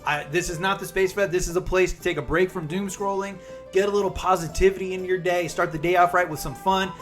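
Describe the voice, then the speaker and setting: A man's voice: high-pitched, steady tone, quick pace, soft background music. A man in his forties, streaming live and chatting casually, upbeat and calling viewers by name.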